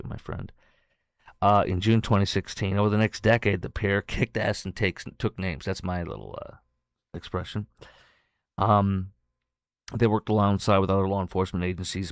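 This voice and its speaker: A middle-aged man hosting his own podcast, telling a story in a rambling way with many restarts, and at times going soft and emotional. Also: low-pitched, no room sound, clean studio sound. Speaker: podcast host. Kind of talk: casual solo podcast monologue.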